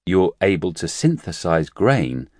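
Narrator as a low-voiced, earnest man lost in a strange era; inquisitive, puzzled questions. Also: big pitch swings, unhurried, a little mellow, no echo, clean studio sound, exaggerated voice. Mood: curious. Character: curious bewildered man out of his time.

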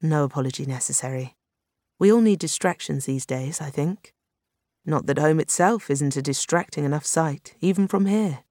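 A reader voicing a calm, formal lunar explorer woman. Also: sits low, dry recording, clean studio sound. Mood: reassuring. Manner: measured, formal, gently reassuring.

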